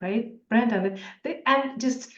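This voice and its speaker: A woman's voice: a little high, slow pace, fairly bright tone. A woman, an author and financial coach, giving a motivational interview in short, emphatic phrases. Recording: roomy, dull lo-fi sound.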